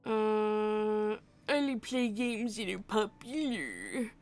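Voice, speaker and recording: A woman's voice: mid-range voice, slow pace. A woman streamer chatting casually and profanely while playing, with faint music behind. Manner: profane, animated, laughing often. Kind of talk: casual gaming stream chat.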